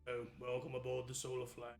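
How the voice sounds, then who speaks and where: A man's voice: medium pitch, monotone, fairly quick, echoey room, soft background music, lightly acted. A man voicing a large, hardened orc first mate who talks bluntly and simply. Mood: gruff.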